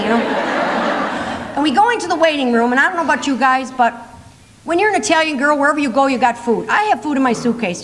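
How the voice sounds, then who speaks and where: A woman in her fifties giving a lively, laughing comedic talk as a motivational humor speaker. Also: sits high, slight background noise. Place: large conference hall. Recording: long reverb in a conference hall.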